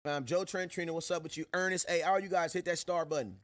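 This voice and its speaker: A man hosting a sports live stream, giving loud, slangy shout-outs to viewers in casual chat. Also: a little high, fairly even intonation, quick pace, dry recording. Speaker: sports show host.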